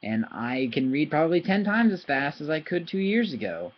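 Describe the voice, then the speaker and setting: A man who speaks English natively, teaching Thai pronunciation in a casual video lesson, talking in an animated, chatty way and slowly spelling out syllables. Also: on the high side. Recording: slightly dull lo-fi recording.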